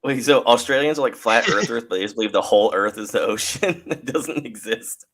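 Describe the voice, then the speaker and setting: A man co-hosting a podcast, firing off quick deadpan quips. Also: mid-range voice. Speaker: podcast co-host. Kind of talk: casual banter.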